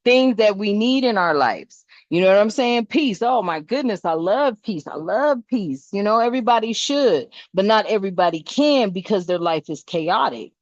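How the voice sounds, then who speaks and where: A woman's voice: medium pitch, animated, normal speed, few pauses, dry recording, highs cut off. An older woman, host of a spiritual vlog, talking casually in a blunt, salty way, preaching and swearing and calling her viewers "family.".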